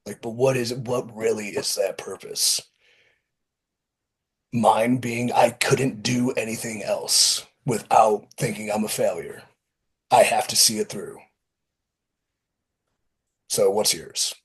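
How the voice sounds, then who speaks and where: A man being interviewed as a pro wrestler guest, talking in a blunt, profane, lively storytelling way. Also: lowish voice, slow pace, long pauses, breathy edge. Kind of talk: casual interview talk.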